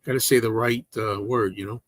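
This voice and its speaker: A man hosts a casual livestream, answering viewer comments in a chatty, rambling way and often restarting mid-sentence or interrupting himself. His voice is on the low side, steady, a bit bright, and fairly quick, and the recording is dry.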